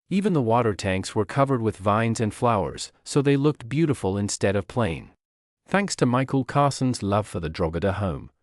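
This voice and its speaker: Casting: male audiobook narrator for learners, clear and plain, lively pitch, dry close sound. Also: no echo.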